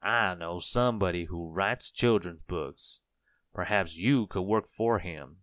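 A kindly, calm gentleman in a storybook, speaking in a slow, reassuring, measured way, as a man reads him. His voice stays low and unhurried, close to the reader's own. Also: no room sound.

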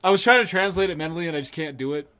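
Man, podcast co-host, a bit high-pitched, jokey, swears a lot. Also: racing, sharp tone. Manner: joking, profane, rambling. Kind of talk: casual podcast banter.

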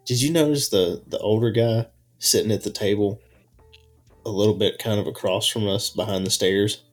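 A man co-hosting a casual chat, telling stories with big, loud laughs and the odd swear. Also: lowish voice, moderate pace. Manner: animated storyteller, swears, laughs loudly.

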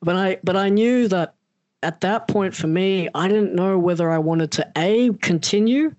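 A man's voice: high voice, normal speed, darkish tone, dry recording, muffled recording. A male podcast host who also wrestles, talking earnestly and telling stories fluently. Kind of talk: podcast interview.

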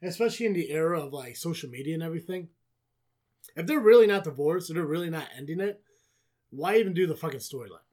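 A man's voice: a little high, animated, fast, a little mellow. A man co-hosting a podcast, recapping wrestling in casual chat, swearing often and sarcastic. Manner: profane, sarcastic, rambling. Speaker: podcast co-host.

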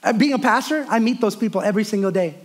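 A man with a high, light voice preaches to his congregation. He speaks earnestly, repeats words as he searches for them, and moves between raised and hushed passages. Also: fast. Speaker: pastor. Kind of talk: sermon.

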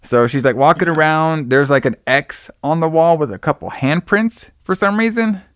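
A man's voice: on the high side, moderate pace, clean tone, dry recording, studio quality. A man casually recapping a movie plot as a podcast co-host, swearing freely and acting out the characters' lines. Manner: profane, animated storytelling with quoted voices.

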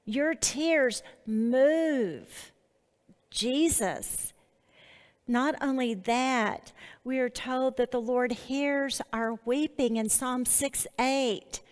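A woman teaching a Bible study, earnest and deliberate, pausing between her phrases. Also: high-pitched, little pitch movement, clear, resonant tone, long reverb tail.

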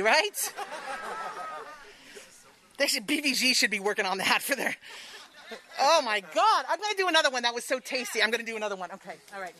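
A woman's voice: high voice, bright, forceful tone, slight background noise, rough recording. A woman telling a frank, profane story on stage, laughing often, then hosting the next part of the show.

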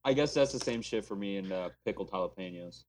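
A man's voice: low voice, fast, a crowd in the background. A man in casual podcast chat, laid-back and a bit hesitant. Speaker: podcast co-host.

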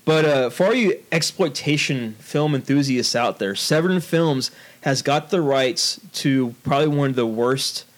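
A man's voice: medium pitch, normal speed. A man co-hosting a podcast in casual chat, rambling on about cult films with many fillers. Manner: rambling, full of fillers and restarts while reviewing films. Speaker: podcast co-host.

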